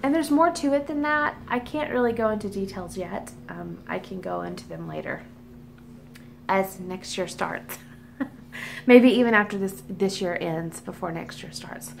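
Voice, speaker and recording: A woman's voice: medium pitch, moderate pace, creaky, slight background noise. A middle-aged woman teacher talking candidly at home in a casual vlog, chatty with frequent ums. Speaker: teacher and vlogger. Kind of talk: casual personal vlog chat.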